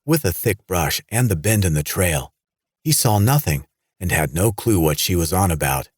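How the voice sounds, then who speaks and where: Deep husky male audiobook narrator. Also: moderate pace, no echo, studio quality. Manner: dramatic, lively storytelling. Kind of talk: scripted horror narration.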